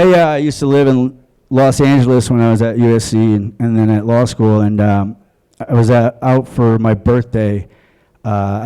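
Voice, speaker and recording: A man's voice: mid-range voice, mellow, clean tone, poor audio. A man from Long Island doing a stand-up comedy set in a comedy club, crude and offhand. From Long Island, USA.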